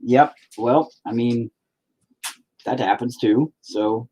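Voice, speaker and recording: A man's voice: mid-range voice, takes it slowly, mellow, slight background noise. A man in his forties chatting casually on a live stream, rambling, profane and sarcastic. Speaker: live-stream host and musician.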